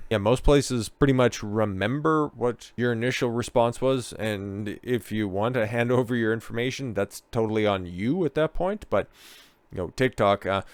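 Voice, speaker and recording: Low, profane, sarcastic male ranter. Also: dry recording. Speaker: political commentary host. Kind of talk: ranting commentary.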